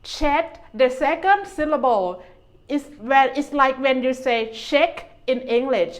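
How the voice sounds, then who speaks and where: Bright, patient woman teaching with a Thai accent. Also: high voice. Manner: clear, patient, drawn-out syllables for learners. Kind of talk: friendly vocabulary lesson with slow repeated pronunciation.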